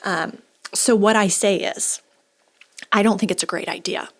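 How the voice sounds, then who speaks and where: A woman in her forties co-hosting a casual podcast conversation, an animated storyteller who acts out the people she quotes. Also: medium pitch, normal speed, vocal fry. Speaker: podcast co-host.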